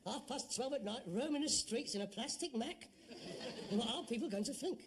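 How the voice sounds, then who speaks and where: A man's voice: extremely high pitch, lively intonation, moderate pace, background noise. A middle-aged man with a London Cockney accent, acting a grown son in a sitcom, sarcastic and exasperated. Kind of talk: 1970s British sitcom acting.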